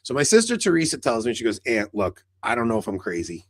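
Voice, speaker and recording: A man's voice: mid-range voice, huge pitch swings, fast talker, dry recording. A man co-hosting a podcast in casual chat, telling a long rambling story full of "like" fillers and acted-out dialogue. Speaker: podcast co-host.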